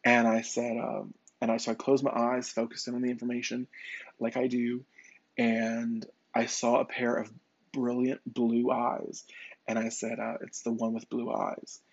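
A man's voice: mid-range voice, completely flat delivery, a little slow, vocal fry, husky, no room sound, muffled recording. A man who works as a psychic medium, telling a personal story in a conversational way, with fillers and restarts.

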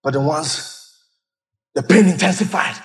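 A man preaching a lively sermon as pastor, acting out church members with sudden high shouts. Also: measured pace, a little hiss or hum. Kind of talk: lively sermon with acted-out stories.

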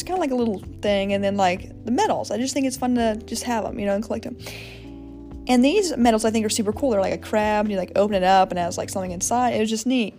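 Fast-talking woman rambling through a story. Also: mid-range voice, darkish tone. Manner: rambling, fillers, acts out her own quotes. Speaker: podcast host. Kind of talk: casual solo podcast monologue.

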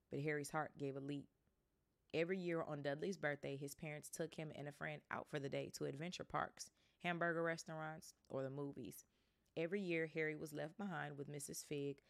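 A woman reads a book aloud for her podcast in a low, gravelly voice. She reads casually and breaks off to chat about what she has read. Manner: chatty, breaks off to react. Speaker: podcast host reading aloud.

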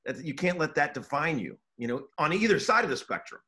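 A man's voice: on the high side, sing-song, fairly quick, sharp tone. A middle-aged man, a basketball coach, talking casually in an interview with earnest restarts and repeated words.

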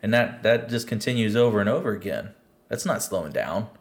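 Fairly low-pitched, animated, and fairly quick, this male podcast co-host chats about politics in a rambling, foul-mouthed way. He often starts sentences over and laughs at his own jokes.

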